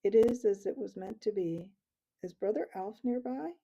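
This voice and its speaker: A woman reading the part of a dying old male abbot mouse, speaking slowly and tenderly. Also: medium pitch, dark tone, muffled recording, natural voice. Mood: gentle, fatherly. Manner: slow, tender, fatherly.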